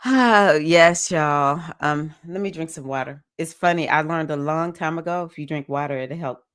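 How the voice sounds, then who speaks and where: Greeting viewers by name, this livestream host talks through the week's astrology in a chatty, emotional, casual way. She speaks at a moderate pace in a low-sitting voice, with a clean tone, no echo, and studio quality.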